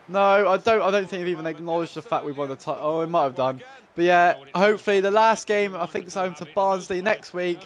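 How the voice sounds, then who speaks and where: Excitable man commentating his game. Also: sits high, a little fast, dull audio. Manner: excitable, shouts at the match and laughs at his own jokes. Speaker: gaming channel host. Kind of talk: live gameplay commentary.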